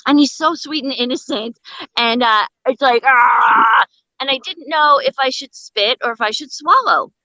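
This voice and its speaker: Bright, brash high-voiced woman comic. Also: normal speed, no echo, poor audio. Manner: bawdy, brash, animated storyteller. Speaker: stand-up comic guest. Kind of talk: comedic storytelling in an interview.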